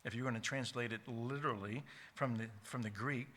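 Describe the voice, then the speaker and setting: Male pastor, sermon delivery, bright edgy tone, emphatic with restarts. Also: mid-range voice. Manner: emphatic, repeats key words slowly, frequent restarts. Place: church sanctuary.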